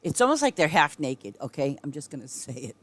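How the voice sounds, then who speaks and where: A woman's voice: low-pitched, big pitch swings, brisk. A middle-aged woman streaming a game and chatting casually with her viewers, rambling and often breaking into giggles. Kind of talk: casual chat with viewers while gaming.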